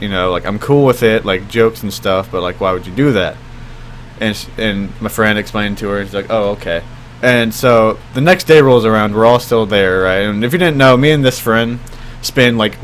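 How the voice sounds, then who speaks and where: A young man casually telling a story on his vlog, rambling with lots of fillers and jumping his pitch when he quotes people. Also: fairly bright tone, a little hiss or hum. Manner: rambling, many fillers like "like" and "I mean"; acts out quoted voices with jumps in pitch. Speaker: vlogger.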